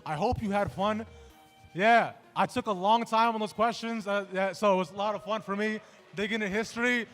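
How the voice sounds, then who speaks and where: A man's voice: sits high, steady tone, fairly quick, a bit bright, faint music behind. A man hosting a trivia game at a gaming event, bantering casually and jokingly with contestants in a large indoor venue. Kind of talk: live event emceeing.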